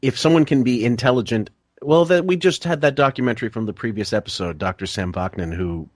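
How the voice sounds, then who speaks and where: A man's voice: mid-range voice, a little fast, dry recording, studio quality. A man hosting a podcast, talking casually with lots of stammering and restarts. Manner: stammering, many fillers and restarts. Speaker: podcast host.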